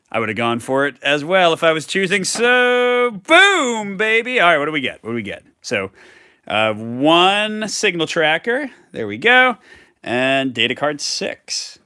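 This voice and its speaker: A man's voice: medium pitch, very animated, normal speed, sharp tone, clear, resonant tone, dry recording, clean studio sound. A man hosting a live tabletop game playthrough, reading cards aloud with chatty asides. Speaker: host.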